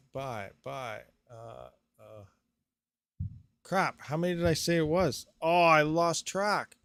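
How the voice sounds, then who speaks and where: A man hosting a live stream, thinking aloud through calculations with excitable bursts and laughs. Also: on the high side, no echo. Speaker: crypto mining streamer.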